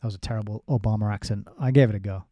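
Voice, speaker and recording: A man's voice: on the low side, steady tone, very fast, no echo, dull audio. A man giving a casual spoken book review. He reads passages aloud, breaks off into sardonic asides and often restarts his sentences.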